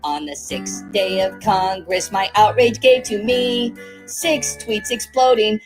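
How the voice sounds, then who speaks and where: A voice singing a slow parody carol as a mocking political figure, over backing music. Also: mid-range voice, fairly even intonation, lightly acted. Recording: song with loud backing music.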